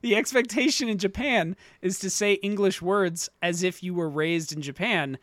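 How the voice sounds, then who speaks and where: A man's voice: sits high, moderate pace, a bit bright, dry recording, clean studio sound. A young man co-hosting a podcast in casual chat, rambling through explanations and correcting himself as he goes. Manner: rambling, self-correcting explanations with frequent likes. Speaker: podcast co-host.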